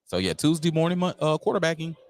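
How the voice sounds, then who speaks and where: A man's voice: fairly high pitch, sing-song, fast talker, darkish tone. A man hosting a live talk show, reading news aloud and breaking in with slangy asides. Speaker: radio show host.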